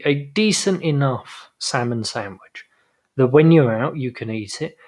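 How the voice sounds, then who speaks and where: A man co-hosting a chatty opinion podcast, talking emphatically and in a fussy, animated way. He is quick to get worked up over small things and insists on his view. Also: mid-range voice. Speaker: podcast co-host. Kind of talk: casual opinionated chat.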